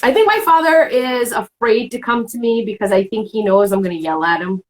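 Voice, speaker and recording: A woman's voice: fairly high pitch, brisk, low-quality recording. A woman hosting a casual chat, talking candidly in a rambling way and acting out what people said. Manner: candid, rambling, acts out quoted remarks. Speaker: host.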